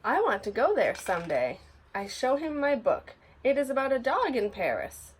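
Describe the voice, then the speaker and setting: A woman reading a children's picture book aloud in an expressive storytelling voice. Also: high voice, moderate pace, husky. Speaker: storybook reader.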